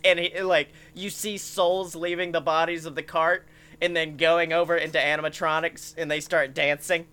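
A profane podcast comedian rambles through a comic story at a moderate pace, his mid-range voice animated and peppered with "like" and swearing.

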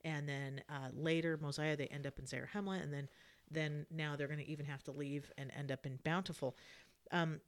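A woman's voice: sits low, fairly even intonation, fairly quick. A woman hosting a casual scripture study podcast, sounding sleepy, chatty and repeating herself with many fillers. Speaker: podcast host.

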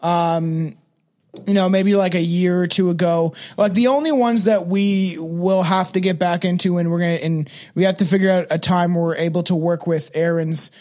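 A young man with a notably high, light voice chats through a true-crime podcast. He is casual and profane, leaning on fillers, and trips over words when reading his notes aloud. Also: steady tone, moderate pace, a little mellow. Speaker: podcast co-host leading the episode.

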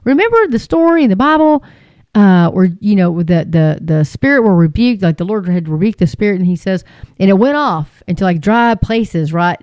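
An impassioned woman delivers religious commentary straight to her viewers, urgent and emphatic. Her pitch sits in the middle range, and the recording is dry and close with no room sound. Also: a little mellow, no echo. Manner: emphatic, mocking put-on voices, urgent pleading. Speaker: Christian video host.

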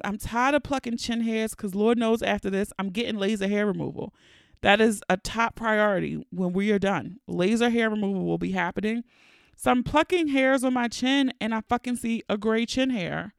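Thirties woman podcasting solo, gravelly and smooth, dry close sound, swears a lot. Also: medium pitch, a little fast, no room sound. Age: 30s. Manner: candid, profane, expressive storytelling. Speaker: podcast host. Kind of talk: solo comedic podcast rant. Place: home recording during lockdown.

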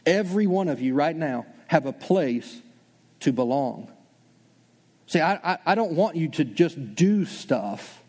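A man preaching to a congregation with a slightly high voice, fast and animated, playing out his listeners' doubts in quick little asides. His voice carries a long reverb from a large church auditorium. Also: breathy edge. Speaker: pastor. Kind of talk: sermon.

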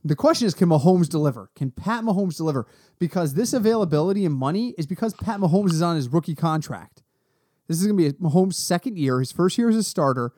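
A man co-hosting a casual fantasy football podcast, animated and quick to exclaim, a little tipsy from drinking. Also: sits high. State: has been drinking. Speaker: podcast co-host.

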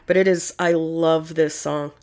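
A woman co-hosting a casual podcast chat, animated and quick to swear. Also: deep voice. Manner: swears freely, animated storytelling.

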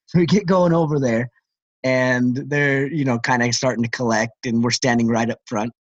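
A middle-aged man of middle pitch co-hosts a casual podcast and spins an animated story full of fillers and restarts. His voice sits dry and close, with a slightly dull, lo-fi tone. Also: moderate pace, no echo. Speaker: podcast co-host.

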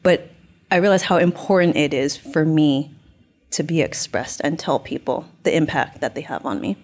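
A woman's voice: sits low, normal speed, a little mellow. A young woman telling a personal story candidly in a casual podcast chat, acting out quoted dialogue.

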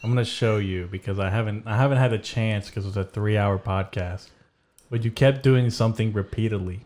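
A man's voice: on the low side, brisk, a little mellow. A man hosting a podcast, telling rambling, crude stories in casual chat with lots of fillers. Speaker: podcast host.

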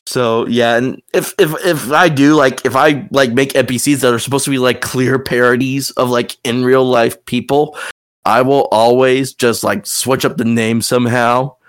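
A man's voice: medium pitch, steady tone, normal speed, smooth. Rambling Southern man hosting a podcast. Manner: rambling, many fillers and restarts. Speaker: podcast host and game master. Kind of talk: casual podcast chat.

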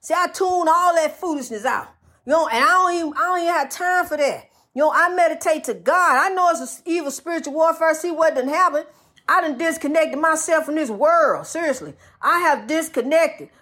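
A woman's voice: high-pitched, brisk, a bit bright. An older woman giving spiritual advice in a folksy, preachy monologue, repeating phrases and calling the listener honey.

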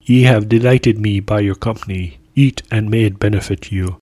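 A man's voice: on the low side, steady tone, normal speed, dark tone, dry recording, lightly acted. A man voicing a tearful middle-aged cook who pleads in archaic courtly speech. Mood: hospitable.

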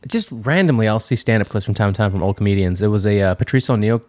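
A man's voice: on the low side, lively intonation, fast talker, a little mellow, dry recording. Man, podcast co-host, casual chat, rambling, dry close sound. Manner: laid-back, rambling, laughs often.

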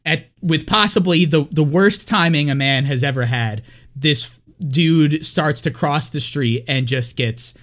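A man's voice: fairly high pitch, unhurried, a bit bright. A man co-hosting a podcast, recapping a film in a rambling, casual way, full of likes and uhs. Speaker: podcast co-host.

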